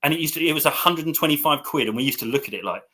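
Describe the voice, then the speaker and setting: A man's voice: a little high, expressive, very fast, sharp tone, breathy edge. A middle-aged man hosting a casual chat about records. He laughs often as he talks. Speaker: host. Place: home room. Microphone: webcam or computer mic.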